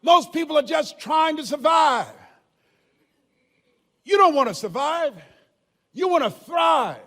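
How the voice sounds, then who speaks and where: An older man giving a motivational speech to a live audience, telling stories with emphasis, often shouting and laughing. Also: very high voice, animated, slow pace. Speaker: motivational speaker. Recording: long hall reverb.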